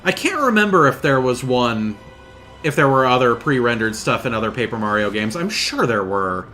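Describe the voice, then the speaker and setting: A man's voice: mid-range voice, very animated, normal speed, bright, forceful tone, faint music behind. Casual man musing over gameplay. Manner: musing, with fillers and self-corrections. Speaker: gameplay commentator. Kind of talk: casual let's play commentary.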